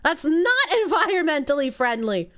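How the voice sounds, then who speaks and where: A woman's voice: sits high, big pitch swings, fairly bright tone. Sarcastic woman streamer chatting. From United States. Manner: sarcastic, laughs often, quick banter. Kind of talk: casual chat reacting to viewer comments.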